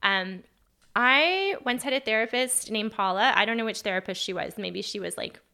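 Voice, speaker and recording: A woman's voice: fairly high pitch, a little fast, vocal fry, bright, forceful tone, clean tone. A woman in her thirties hosting a solo podcast, talking in a chatty, earnest way full of "like" and self-corrections. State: briefly emotional, voice catching. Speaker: podcast host.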